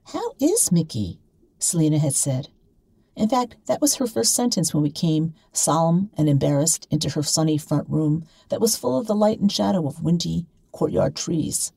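A woman reading a short story aloud in a measured, wry way. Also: sits low, expressive, vocal fry, mellow, slightly rough, no room sound, poor audio. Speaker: reader.

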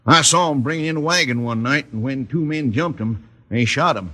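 An actor playing a wounded, crusty old rancher father in a 1950s radio western, with a gravelly, husky voice and a crusty frontier drawl. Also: medium pitch, fairly quick, bright, forceful tone.

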